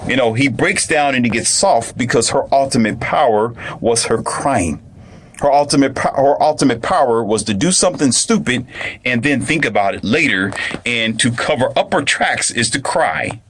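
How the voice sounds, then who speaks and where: A man's voice: medium pitch, lively intonation, normal speed, fairly bright tone, slight background noise. A man delivering an emphatic, repetitive ranting monologue as a commentator. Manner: emphatic, repetitive, restarts phrases.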